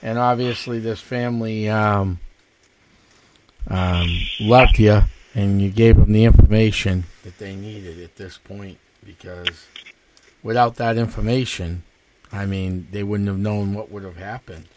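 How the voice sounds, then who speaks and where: A man's voice: fairly low pitch, fairly even intonation, measured pace, a little mellow, low-quality recording. A man hosting a cable access talk show, giving short, affirming replies to his guest. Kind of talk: casual interview chat. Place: local access TV studio.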